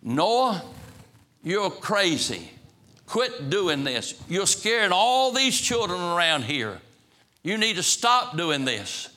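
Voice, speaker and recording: Figure: a man doing a scoffing villager yelling at a prophet. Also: sits high, very animated, slow, pitched above the performer's own voice, full character voice. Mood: scolding. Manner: loud, scolding. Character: scoffing adult man confronting Noah.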